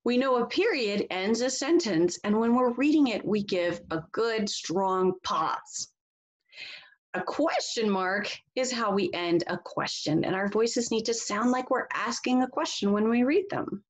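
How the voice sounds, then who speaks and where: A woman teacher giving a children's read-aloud lesson, reading slowly and expressively for young listeners to echo back. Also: a little high. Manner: slow, expressive echo reading with exaggerated rises.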